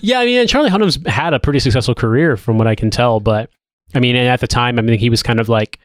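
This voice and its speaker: Speaking quickly and with animation, a man in his thirties co-hosts a podcast in a mid-range voice. The chat is loose and rambling, with frequent restarts and free swearing, and the studio sound is clean with no echo.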